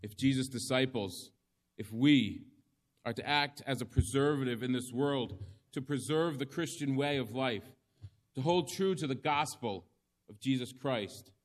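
A man preaching a sermon, reading scripture in slow, measured phrases with emphatic pauses. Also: mid-range voice.

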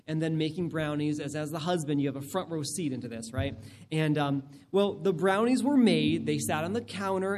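A male pastor giving a sermon in a conversational, animated way, often checking in with the congregation. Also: fairly high pitch, big-room sound, slight background noise. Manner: acts out scenarios in other people's voices.

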